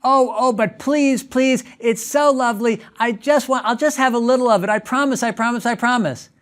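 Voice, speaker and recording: A man's voice: very high voice, moderate pace, pitched above the performer's own voice. A man voicing a whiny little boy who begs for a lollipop, repeating himself and close to tears. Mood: pleading. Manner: begging, repeating words, near tears.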